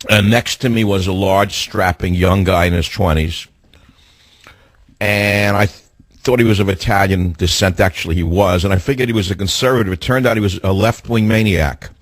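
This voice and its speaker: A man's voice: low-pitched, normal speed, dry recording. A man hosting a call-in talk radio show, lecturing his callers in a combative way.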